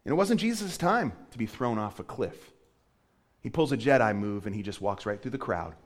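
A male pastor preaching a sermon with animated storytelling, often slipping into quoted voices. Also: on the low side, moderate pace.

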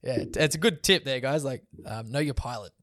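A young man telling a story in a relaxed podcast chat, swearing often and laughing as he goes. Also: mid-range voice, brisk, no room sound, clean studio sound. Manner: laid-back, swears often, laughs through stories. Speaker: guest.

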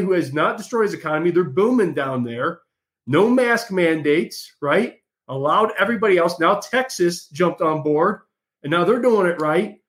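A man hosting an opinionated political monologue, combative and mocking, talking straight to his listeners. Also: high-pitched. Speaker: political commentary host.

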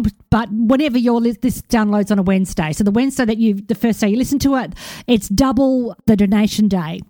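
Aussie woman in her 40s, podcast host, bit high voice, dry close sound, rambly and emotional, a bit wired. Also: warm tone, dry recording. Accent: Australian. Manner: rambling, emotional, self-correcting. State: a bit hyper after a walk. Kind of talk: casual monologue.

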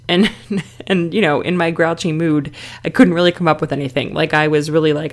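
Middle-aged woman, low-ish voice, chatty self-help podcast host, lots of "you know"s. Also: fast. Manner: conversational, frequent "you know" fillers and restarts. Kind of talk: casual self-help talk.

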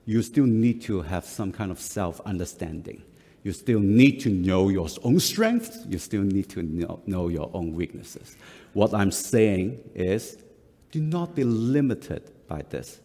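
A middle-aged man from Singapore, a pastor, delivers a sermon in an unhurried, halting way, full of pauses and restarts. His voice sits a little low. The long reverb of a big church hall trails after his words. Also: sing-song, mellow. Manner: slow, halting, with frequent uh fillers and self-corrections.

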